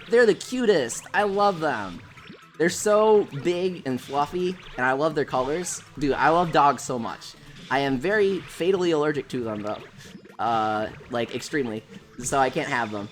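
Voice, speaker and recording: Low-voiced woman from the us chatting through a game livestream, reads chat, faint music under her. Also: expressive, normal speed. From United States. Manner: chatty, reads chat aloud, gushes over pets. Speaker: gaming livestreamer. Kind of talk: casual livestream chat reading viewer comments.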